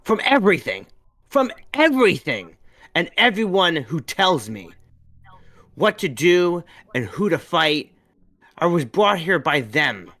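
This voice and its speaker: A man reading aloud and voicing a defiant young girl thief in a shrill, mocking tone that rises into shouts. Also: unhurried.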